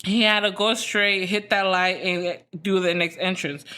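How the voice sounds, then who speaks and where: A woman's voice: lowish voice, a bit bright. A young adult woman hosting a podcast, telling a story in a casual, profane, rambling way full of fillers. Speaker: podcast host.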